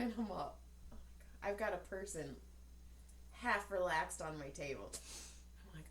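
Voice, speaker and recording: Animated storytelling woman in an echoey room. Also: lowish voice, moderate pace. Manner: animated storyteller acting out quotes, swears freely. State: tired. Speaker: podcast co-host. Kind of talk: casual storytelling chat.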